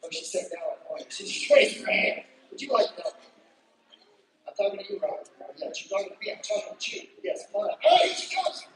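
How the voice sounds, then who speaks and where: A woman's voice: medium pitch, huge pitch swings, brisk. Playful woman preaching in an echoey church. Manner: playful, joking, chatty with the audience. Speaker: guest speaker doing gospel magic tricks. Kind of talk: lively children's church talk. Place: church sanctuary with a congregation. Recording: echoey hall from far off, background noise.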